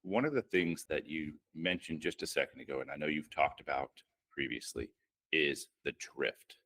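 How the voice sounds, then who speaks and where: A male interviewer asking a guest a reflective question in a measured way. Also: rumbling low, fairly bright tone, slight background noise. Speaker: interviewer, host.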